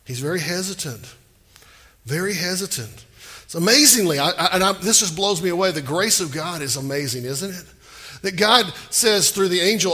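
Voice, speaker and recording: A male pastor preaching a sermon, animated and emphatic, asking the crowd questions. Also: high-pitched, moderate pace, breathy edge, in a large hall.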